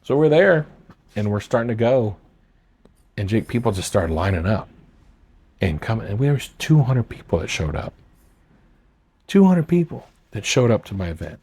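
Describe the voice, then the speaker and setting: Medium-pitched and sing-song, his slightly rough, darkish voice moves at normal speed with long pauses. Sitting at a marina boat club, this candidate and marina owner rambles about his political campaign, performing the dialogue others spoke to him.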